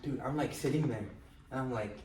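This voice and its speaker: A man's voice: medium pitch, brisk, a little mellow. A young man co-hosting a podcast in casual chat, teasing and blunt with plenty of slang. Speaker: podcast co-host. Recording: roomy echo, far from mic, faint noise.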